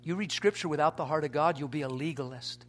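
A man preaching an impassioned sermon, dropping to a hush and rising to shouts. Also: fairly high pitch, quick pace, a little hiss or hum. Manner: impassioned, swings from hushed to shouting.

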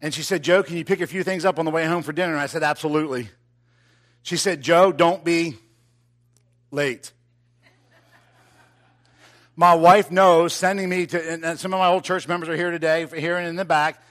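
A man preaching, telling a personal story with animated, rising delivery that drops to quiet, intimate moments. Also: fairly high pitch, moderate pace, long pauses. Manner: animated, builds to loud excited telling. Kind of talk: sermon storytelling.

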